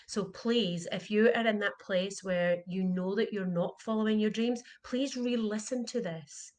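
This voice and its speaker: A woman's voice: medium pitch, measured pace, darkish tone. A middle-aged woman, an animal communication coach, giving an earnest, heartfelt motivational talk and repeating her questions for emphasis.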